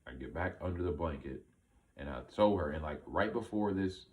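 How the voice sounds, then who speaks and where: Deep-voiced man telling a wild story. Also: moderate pace, highs cut off. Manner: rambling, full of "like" and "right?"; animated, amazed retelling. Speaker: vlogger telling a personal story. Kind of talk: casual storytelling.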